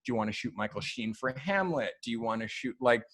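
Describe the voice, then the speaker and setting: A man, a photographer, telling long stories in a relaxed interview, full of fillers like "um" and "like". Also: mid-range voice, quick pace. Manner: loose, animated storyteller who acts out quoted people; frequent fillers like "um" and "like". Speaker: photographer guest. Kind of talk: storytelling in a podcast interview.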